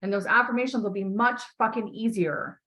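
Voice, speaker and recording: A woman coaching a client over a call, with a forceful voice pitched slightly above the middle. She talks bluntly and swears freely. She keeps repeating her key points to encourage the client. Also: steady tone, a little fast. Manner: blunt, emphatic, swears often. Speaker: life coach.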